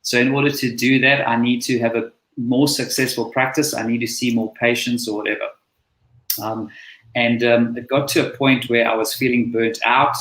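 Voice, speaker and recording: A South African man speaks in an earnest, friendly way about his work and life. His voice is bright and forward. The sound carries a roomy echo, as if recorded on a video call. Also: mid-range voice, flat delivery, moderate pace. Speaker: guest, chiropractor and coach. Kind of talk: casual interview talk.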